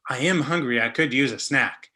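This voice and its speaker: A man's voice: medium pitch, moderate pace, sharp tone, lightly acted. A wild hawk just caught in a net, as a man puts it on. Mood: pleased. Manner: playful, conversational. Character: freshly trapped wild hawk, indignant then hungry.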